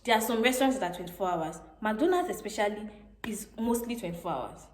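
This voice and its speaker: A woman's voice: medium pitch, expressive, fast talker, slight background noise. A young woman from Nigeria hosting a casual chat and laughing often. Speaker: vlogger host. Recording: echoey room.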